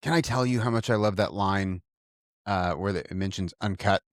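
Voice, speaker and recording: A man's voice: deep voice, moderate pace, dry recording, clean studio sound. A man co-hosting a podcast in casual chat, playful and teasing, swearing casually. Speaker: podcast co-host.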